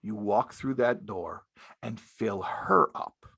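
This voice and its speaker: A man's voice: on the low side, slow, gravelly, sharp tone, slightly rough. A man, a rabbi, giving a sermon-style talk to young married men, emphatic and repeating his key phrases, with Hebrew and Yiddish terms mixed in. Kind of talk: spoken sermon-style lecture.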